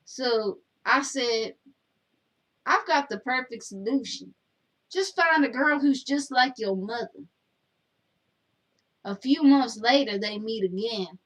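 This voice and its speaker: Speaking slowly with frequent pauses in a slightly high voice, and with poor audio quality, a woman plays Daisy, a bossy, sassy Southerner with a Southern US accent. As co-host of a comedy show, she scolds and teases her partner, reads viewer comments, and tells stories animatedly.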